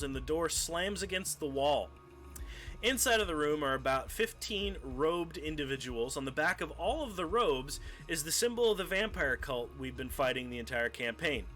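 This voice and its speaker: A young man streaming live, casually telling a tabletop game story, animated and profane, acting out scenes as he goes. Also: fairly high pitch. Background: faint music.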